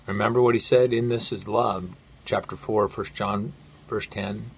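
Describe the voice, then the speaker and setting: A man preaching a sermon in an earnest way, slowing down and dropping his voice very low on quoted lines. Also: fairly even intonation, creaky, breathy edge. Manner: earnest, slows and drops to near-whisper on quotes. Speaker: pastor.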